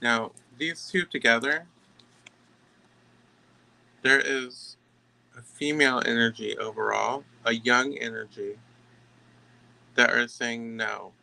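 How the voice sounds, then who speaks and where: A man giving a tarot reading to camera, emphatic and halting, often stopping to restart his sentences. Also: medium pitch, fairly even intonation, creaky, sharp tone, low-quality recording. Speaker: tarot reader.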